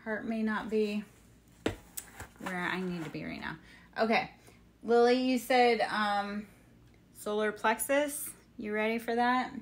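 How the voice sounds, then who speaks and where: A woman's voice: mid-range voice, slight background noise. A woman leading a live-streamed energy healing session, guiding breaths in a soothing way and chatting with viewers, with blunt swearing. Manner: slow, soothing guidance mixed with blunt swearing.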